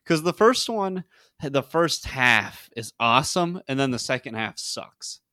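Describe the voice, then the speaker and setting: A man's voice: mid-range voice, lively intonation, unhurried, pushed and bright, no room sound, studio quality. A man chatting casually, blunt and emphatic, with plenty of swearing. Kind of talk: casual chat.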